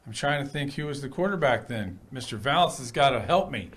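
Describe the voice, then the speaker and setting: A man's voice: mid-range voice, lively intonation, brisk, a bit bright, slightly rough. A man co-hosting a casual sports show, joking and arguing over picks. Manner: joking, argumentative banter.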